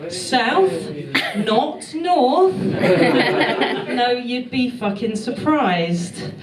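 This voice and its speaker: A woman's voice: a little high, expressive, extremely slow, very noisy. A young English woman performing a stand-up set on a club stage, dry and self-deprecating, laughing at her own jokes. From England. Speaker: comedian. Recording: echoey club, far off, crowd.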